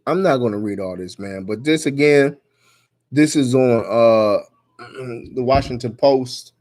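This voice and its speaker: Man, angry vlog rant, emphatic, swearing, medium pitch. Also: a little slow. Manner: angry, emphatic, swearing, rising to near-shouts. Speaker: vlogger commenting on news. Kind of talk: reading news aloud and ranting.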